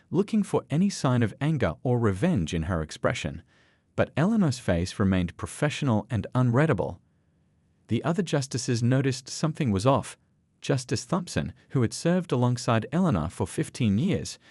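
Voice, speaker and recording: A man reading a scripted dramatic story as narrator, with a steady storytelling delivery. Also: medium pitch, no echo.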